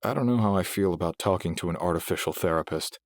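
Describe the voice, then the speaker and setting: A man voicing a weary, downbeat young man who answers in subdued, flat replies in an audiobook. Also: deep voice, fast talker, natural voice. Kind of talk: audiobook character voice.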